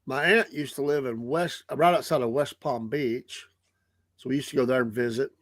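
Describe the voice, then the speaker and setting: A man's voice: mid-range voice, moderate pace, fairly bright tone, no echo. A man in his sixties co-hosting a casual chat show, ribbing his partner in an easygoing way. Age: 60s. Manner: teasing, easygoing. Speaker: show co-host.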